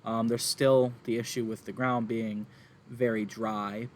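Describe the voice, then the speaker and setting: A man's voice: medium pitch, little pitch movement, measured pace, slight background noise. A man narrating as game master, loosely describing scenes with many fillers.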